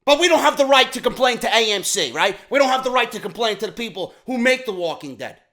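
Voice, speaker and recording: High, bright-voiced ranting New man. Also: animated, fast talker. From New York. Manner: profane, heated ranting that swings from shouting to low muttering. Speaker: YouTube show host. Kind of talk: ranting commentary vlog.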